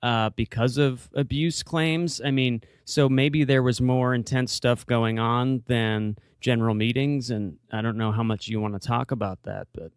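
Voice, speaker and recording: A man hosting a podcast interview, speaking softly and hesitantly with many fillers. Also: mid-range voice, steady tone, unhurried, few pauses, clean tone, dry recording, studio quality. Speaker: podcast host.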